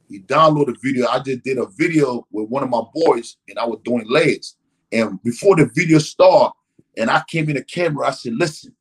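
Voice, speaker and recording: Animated storytelling man, husky voice. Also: on the high side, poor audio. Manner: animated, acts out quotes, frequent "you know what I mean". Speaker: guest. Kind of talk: storytelling in casual conversation.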